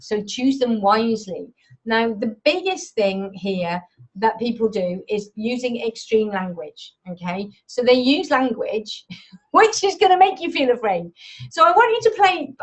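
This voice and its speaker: Lively woman coaching speakers. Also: a little high, unhurried. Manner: animated, talks straight to the audience with frequent "okay?". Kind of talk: live online coaching session.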